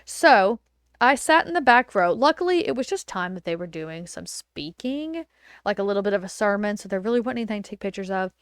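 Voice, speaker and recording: A woman podcast host and wedding photographer telling a story in a chatty, animated way, with lots of fillers and acted-out quotes. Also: medium pitch, brisk, smooth, no echo, clean studio sound. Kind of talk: casual storytelling chat. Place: home.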